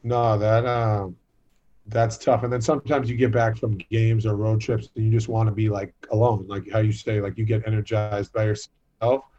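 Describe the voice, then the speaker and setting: A man's voice: on the low side, flat delivery, normal speed, dark tone. A young man from Boston, a basketball player, chatting as a podcast guest and telling jokey stories. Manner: joking, storytelling. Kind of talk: casual podcast chat. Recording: dull lo-fi sound with faint noise.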